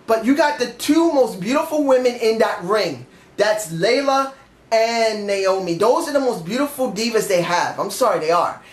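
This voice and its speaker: A man's voice: sits high, animated, moderate pace. A man giving a rambling, emphatic and candid casual review of a wrestling show. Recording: echoey room.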